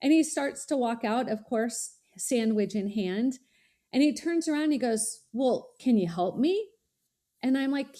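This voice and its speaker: A middle-aged woman, a college strategist guest, telling a lively story in a podcast interview and acting out the dialogue. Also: fairly high pitch, measured pace. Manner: animated, acts out dialogue in quoted voices.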